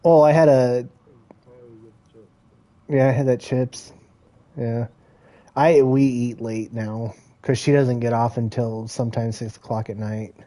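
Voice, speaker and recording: A man's voice: medium pitch, fairly even intonation, a little slow, pauses often, mellow. A man chatting casually while playing a video game, joking, rambling and laughing a lot. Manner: easygoing, rambling. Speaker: gamer. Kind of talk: casual gameplay chat.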